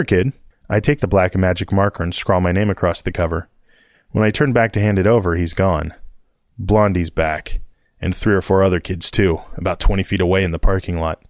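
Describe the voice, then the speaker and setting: A man narrating a novel in the first person, with a measured, wry delivery. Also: sits low, no echo, studio quality. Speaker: audiobook narrator.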